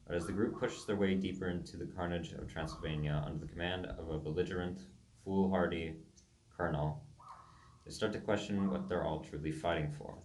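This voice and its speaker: Young guy reading his own stories, really deep low voice, trips over names, echoey room with faint hum. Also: fairly even intonation, fairly quick, a little mellow. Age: young adult. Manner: stumbles over foreign names and corrects himself aloud.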